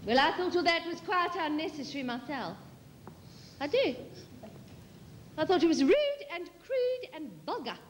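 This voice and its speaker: A woman's voice: very high-pitched, expressive, moderate pace, long pauses, a little hiss or hum, voice pushed down. A woman doing a prim South African auntie. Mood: prim disapproval. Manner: prissy, chattering, indignant. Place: theatre stage.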